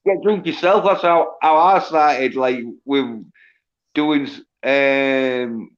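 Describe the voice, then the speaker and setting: Slow-talking man with a Hull accent. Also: medium pitch, dull audio. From England. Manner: rambling, lots of fillers and restarts. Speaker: chat participant. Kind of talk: casual voice chat.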